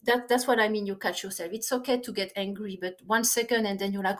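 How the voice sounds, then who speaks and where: A woman's voice: medium pitch, steady tone. Earnest woman with a foreign accent. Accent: non-native English accent. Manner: halting with frequent restarts, earnest. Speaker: podcast guest. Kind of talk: conversational interview.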